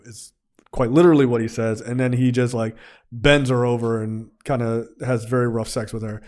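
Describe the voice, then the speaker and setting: A man's voice: medium pitch, fairly quick, a little mellow. A man co-hosting a film review podcast, casually recapping scenes and acting out characters' lines.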